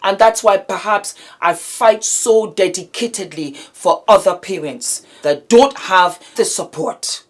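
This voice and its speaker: A woman speaks straight to her viewers in a fired-up commentary, hammering each point and repeating lines for force. Her voice sits at an ordinary middle pitch, and her indignation carries from start to finish. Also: unhurried. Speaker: vlogger commenting on news. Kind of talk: impassioned commentary to camera.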